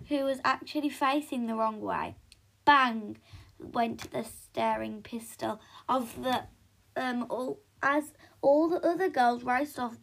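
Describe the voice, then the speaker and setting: A woman reading a children's story aloud, animated and adding sound effects, sometimes stumbling over the words. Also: a little high, gravelly. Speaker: reader.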